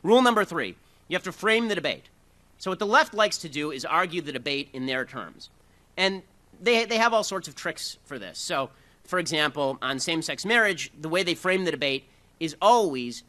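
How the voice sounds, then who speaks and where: A man giving a fast, combative talk to a live audience, with sarcastic asides. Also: on the high side, lively intonation, bright, forceful tone.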